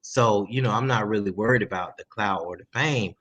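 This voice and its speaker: A man's voice: on the low side, a little fast. A man talking as a guest in a casual interview, emphatic and profane. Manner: emphatic, profane, slips into animated impressions. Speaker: guest artist.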